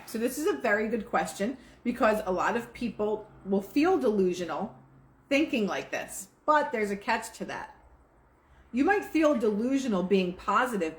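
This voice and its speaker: Chatty woman teaching manifesting, roomy echo. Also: medium pitch. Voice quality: relaxed, chatty, many fillers like "like". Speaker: host of a manifesting livestream. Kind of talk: casual spoken teaching.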